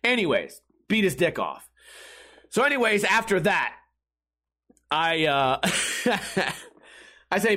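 A man's voice: a little high, big pitch swings, a little slow, long pauses, pushed and bright. A middle-aged man from Las Vegas telling a rambling, profane story in casual chat, getting heated and laughing between lines.

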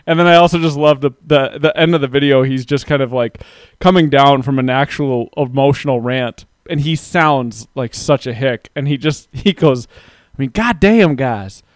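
A man's voice: medium pitch, fairly even intonation, moderate pace, no echo. A man co-hosting a podcast in casual chat, rambling with lots of "like" and laughing often. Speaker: podcast co-host.

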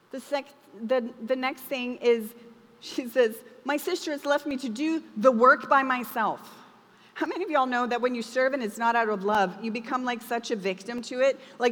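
A woman's voice: on the high side, fairly quick, fairly bright tone. A woman giving a conversational, emphatic sermon, acting out the quoted lines as she preaches. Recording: long reverb of a large hall.

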